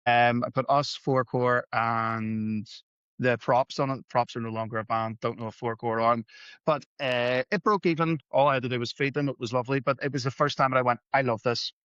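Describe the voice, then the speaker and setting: A man's voice: medium pitch, fairly even intonation, brisk, a bit bright, smooth, no echo. A man, a podcast guest telling rambling, self-deprecating stories in a casual way. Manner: rambling, self-deprecating, acts out quoted dialogue. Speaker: podcast guest, musician and gig promoter. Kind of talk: casual storytelling. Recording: dull, dry podcast recording.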